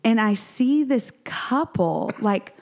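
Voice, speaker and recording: A woman in her forties telling a story in casual chat as a podcast co-host, acting out quotes with lively jumps in pitch. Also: slow, vocal fry.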